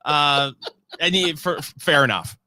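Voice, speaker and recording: Co-host, male; bright, clear voice; dry, wry delivery, close and dry recording. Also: a little high, a little slow, dry recording. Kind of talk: casual chat about football.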